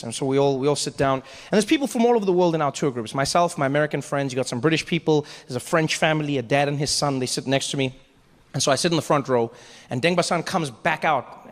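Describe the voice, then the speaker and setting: Animated stand-up comic, higher male voice. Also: big-room sound. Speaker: stand-up comedian. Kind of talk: stand-up storytelling. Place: live comedy stage.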